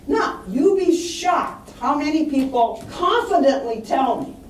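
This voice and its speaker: A high-voiced woman gives a public talk on money matters to a live audience. She tells stories with lively acted quotes. The recording is roomy, with her voice caught from some distance off the mic. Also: unhurried, slight background noise. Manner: animated storytelling with acted quotes. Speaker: estate planning presenter. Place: lecture room. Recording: echoey room mic from a distance.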